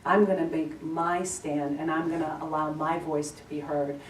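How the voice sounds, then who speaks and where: A woman's voice: sits low, flat delivery, moderate pace. Earnest woman sharing from afar, echoey. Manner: earnest storytelling, heartfelt. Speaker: service leader giving announcements. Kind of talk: personal sharing at a spiritual gathering. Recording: echoey room, from far off, faint noise.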